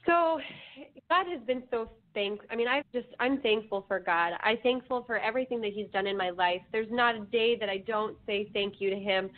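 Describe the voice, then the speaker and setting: A woman guest slowly telling her life story in an interview, with measured pauses. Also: a little high. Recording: phone line with faint hiss.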